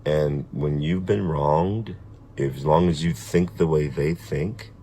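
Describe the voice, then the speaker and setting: A middle-aged man speaking in a measured, deliberate, firm way in a personal video message. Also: very deep voice, warm tone, a little hiss or hum. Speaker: vlogger.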